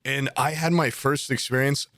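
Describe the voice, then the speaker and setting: A man's voice: medium pitch, fairly even intonation, moderate pace, bright, forceful tone, no room sound, studio quality. A man in his twenties telling a long, rambling story on a casual podcast, full of fillers and acted-out quotes. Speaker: podcast co-host.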